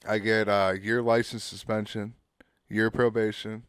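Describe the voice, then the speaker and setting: A man's voice: on the low side, flat delivery, a little slow, fairly bright tone, clean tone, no echo, studio quality. Laid-back swearing man telling a story. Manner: laid-back, swears a lot, acts out quotes. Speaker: podcast co-host. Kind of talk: casual storytelling.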